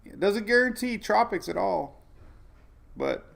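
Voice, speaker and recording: A man's voice: high voice, big pitch swings, a little slow, vocal fry, fairly bright tone. A man hosting a casual weather livestream, walking through maps and rambling off topic in a chatty way. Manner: talks over weather maps on screen. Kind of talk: casual tropical weather briefing.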